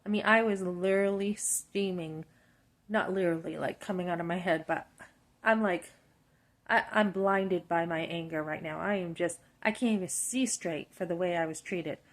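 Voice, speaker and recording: A woman in her fifties telling a personal story about work, animated and indignant, acting out both sides of the conversation. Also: fairly low pitch, moderate pace. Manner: animated, indignant, talks through her frustration. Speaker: vlogger.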